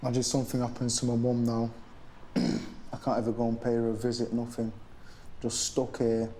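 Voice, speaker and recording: Brief: man, monotone and dark-toned, resigned documentary interviewee. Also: mid-range voice, moderate pace, slight background noise. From Manchester, England.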